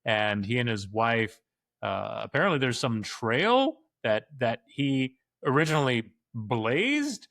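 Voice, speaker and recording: A man co-hosting a podcast in casual chat, enthusiastic and quick to laugh. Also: mid-range voice, sing-song, gravelly, a bit bright, no room sound, clean studio sound. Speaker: podcast co-host.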